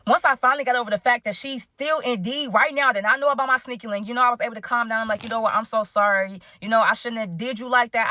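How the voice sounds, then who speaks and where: A woman's voice: fairly high pitch, dry recording, studio quality. A woman telling a casual story time to her chat, acting out the quoted dialogue. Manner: animated, acts out quoted dialogue.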